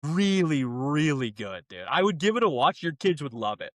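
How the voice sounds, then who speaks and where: Animated, laughing young man. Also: a little high, normal speed, no echo. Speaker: podcast co-host. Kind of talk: casual chat.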